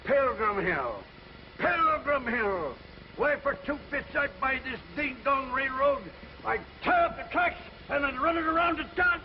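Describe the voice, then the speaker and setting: An actor playing a brash, boisterous old cowboy grandfather, talking in a loud, folksy, blustering way, in a dull old film recording. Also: extremely high pitch, expressive, measured pace, a little hiss or hum. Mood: outraged. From Wyoming. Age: older. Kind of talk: 1950s TV drama acting. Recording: dull lo-fi 1950s film sound.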